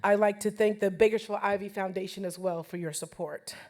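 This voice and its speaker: A woman's voice: medium pitch, fairly even intonation, fairly quick. A woman in her forties giving an emotional, laughing acceptance speech to a banquet audience. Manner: warm, laughing, tearful toward the end. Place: banquet hall with live audience.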